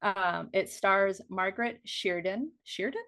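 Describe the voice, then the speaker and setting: A woman's voice: medium pitch, normal speed. A woman guest co-hosting a movie podcast, chatting casually, giggly and self-deprecating. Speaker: guest co-host. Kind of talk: casual chat.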